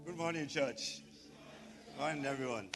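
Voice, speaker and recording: A man's voice: medium pitch, normal speed, music in the background. A man with a Nigerian accent, a pastor addressing his church in a chatty, joking way. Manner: chatty, joking, mixes in Yoruba phrases. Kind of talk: sermon. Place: church hall.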